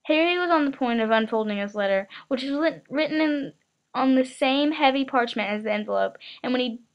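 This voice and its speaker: Woman reading a novel aloud haltingly. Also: sits high, expressive, clear, resonant tone, dull audio. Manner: halting, frequent stumbles and restarts. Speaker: reader.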